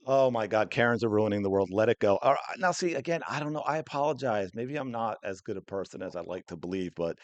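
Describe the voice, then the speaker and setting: A man's voice: fairly low pitch, animated, quick pace, few pauses, a little hiss or hum. A man hosting a sports podcast, delivering heated, indignant commentary in an angry rant. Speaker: podcast host.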